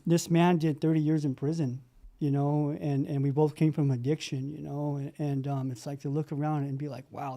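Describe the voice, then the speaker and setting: A man's voice: on the high side, vocal fry, dark tone. Earnest rambling man on a video call. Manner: earnest, rambling, many fillers and restarts. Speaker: meeting participant sharing. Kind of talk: heartfelt recovery share on a video call.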